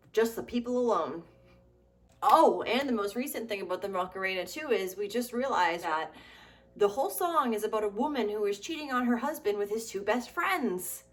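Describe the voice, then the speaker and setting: A woman in her thirties giving sarcastic, comedic commentary on nostalgic trends, swearing and throwing in animated asides. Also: lowish voice. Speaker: comedy vlogger.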